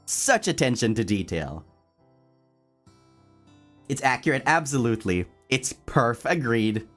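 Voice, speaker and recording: A male streamer talks casually to his chat, playful and quick to laugh. His pitch swoops about with lively energy, and he stumbles over words when excited. Soft music plays faintly behind him. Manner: playful and animated, reads chat aloud and answers it.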